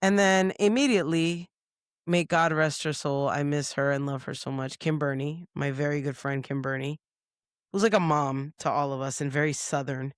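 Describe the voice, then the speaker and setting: A woman co-hosting a podcast, telling a casual story with lots of swearing and quick impressions of other people's voices. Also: low voice, no room sound, studio quality. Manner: profane, lively, acts out others' lines. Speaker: podcast co-host. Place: podcast studio.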